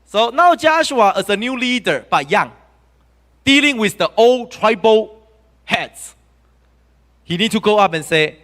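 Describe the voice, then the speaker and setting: Guy preaching a sermon in church, higher voice, super lively ups and downs, big hall echo. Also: a little slow, long pauses. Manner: animated storytelling with audience questions.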